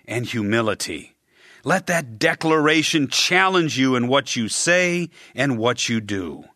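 A man preaching a sermon in an earnest, emphatic way, rising on key words and dropping soft at line ends. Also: medium pitch, no room sound, clean studio sound.

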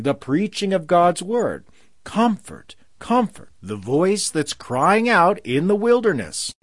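A man preaching a sermon. He slows down and lifts his voice for emphasis when he quotes scripture. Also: mid-range voice, no room sound, clean studio sound.

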